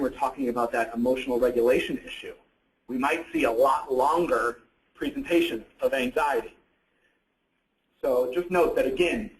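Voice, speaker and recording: Man lecturing in an echoey room. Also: on the high side. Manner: conversational, asks and answers own questions. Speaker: presenter on psychiatric issues. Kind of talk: educational presentation.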